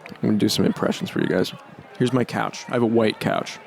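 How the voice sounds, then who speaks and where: A man's voice: lowish voice, fairly even intonation, fast talker, vocal fry. A man doing a standup set on a comedy club stage with a handheld mic, brash and profane, taunting the audience. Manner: brash, profane, crowd-baiting.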